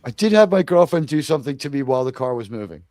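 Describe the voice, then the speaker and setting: A man on a casual panel chat, dropping quick wisecracks. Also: mid-range voice, sing-song, a little mellow, dry recording, clean studio sound. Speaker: panel co-host.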